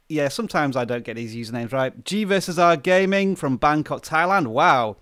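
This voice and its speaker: A chatty man from the UK hosts a relaxed live stream, reading out viewers' names in a slightly high voice. He sits close to the microphone in a dry, dead room. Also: fairly quick, few pauses, clear, resonant tone, no room sound. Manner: chatty, greets viewers by name. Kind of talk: casual live stream chat. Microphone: close desk microphone.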